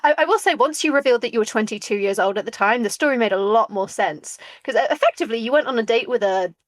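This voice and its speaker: A woman's voice: a little high, lively intonation, fast talker. A woman co-hosting a podcast, chatting casually with playful, teasing remarks. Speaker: podcast co-host. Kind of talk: casual chat.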